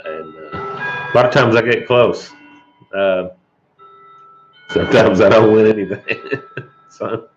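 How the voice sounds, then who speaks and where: Soft background music accompanies a middle-aged man hosting a casual livestream, where he chuckles, names viewers in greeting and occasionally coughs. His fairly low voice moves slowly with long pauses, and the stream audio is dull and lo-fi.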